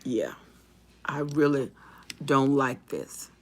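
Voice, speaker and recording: A woman hosts a live advice stream and speaks straight to her viewers. She repeats her key phrases for emphasis and slips into a preacher's cadence of prayer and encouragement, pausing to read comments aloud. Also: very deep voice, big pitch swings, breathy edge. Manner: emphatic and repetitive, preacherly, addresses viewers directly; religious encouragement.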